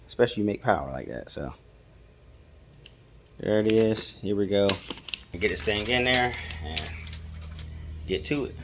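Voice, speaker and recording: A fairly low-voiced man hosts a do-it-yourself car video. He walks his viewers through the work in a relaxed, slangy, conversational way. He talks while he works on the car in a garage. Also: slight background noise. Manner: laid-back slangy talk aimed at viewers. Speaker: car DIY channel host. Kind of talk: casual how-to vlog.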